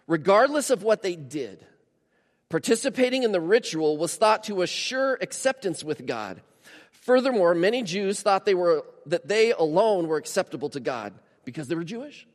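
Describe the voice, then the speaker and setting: A man with a slightly high voice preaches a sermon in a church, his words ringing with long hall reverb. He talks conversationally, pushes key phrases with emphatic rises, and keeps asking his listeners questions. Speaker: pastor.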